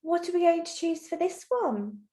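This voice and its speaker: A woman teacher giving a recorded lesson to young children, explaining clearly and patiently step by step. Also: very high-pitched, animated, moderate pace, warm tone. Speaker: primary school teacher. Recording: roomy echo.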